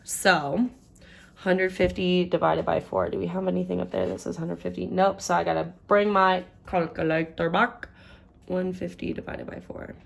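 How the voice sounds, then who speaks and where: Gravelly low-voiced woman budgeting aloud. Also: little pitch movement, moderate pace. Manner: chatty, thinks aloud while doing sums. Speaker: budgeting vlogger. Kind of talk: casual budget walkthrough.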